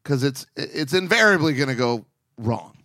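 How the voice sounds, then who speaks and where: A man's voice: mid-range voice, moderate pace, dry recording, studio quality. A man co-hosting a casual podcast, reading listener questions aloud and getting worked up about them, sometimes breaking into mock voices. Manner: animated, gets worked up, reads with mock voices.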